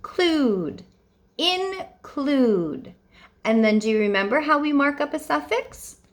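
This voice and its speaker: A woman leads a phonics lesson for first graders in a bright, fairly high voice that swoops up and down. She talks slowly and patiently, in an encouraging, sing-song teacher manner. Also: very animated. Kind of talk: remote phonics lesson for young children.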